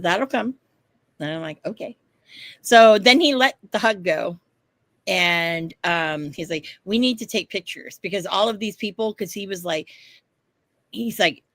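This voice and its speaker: A woman co-hosting a podcast, telling a story in casual chat, animated, laughing often and swearing casually. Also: mid-range voice, no echo. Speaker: podcast co-host.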